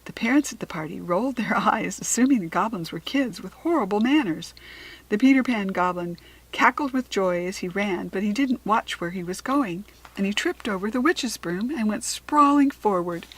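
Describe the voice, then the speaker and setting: A woman reading a children's storybook aloud, slow, clear and expressive. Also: medium pitch, poor audio. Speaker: storybook reader.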